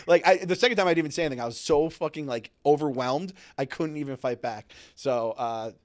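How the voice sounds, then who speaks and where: A man in his thirties co-hosting a casual podcast, rambling, excitable and self-mocking. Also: fairly high pitch, quick pace. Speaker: podcast co-host. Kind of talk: casual chat.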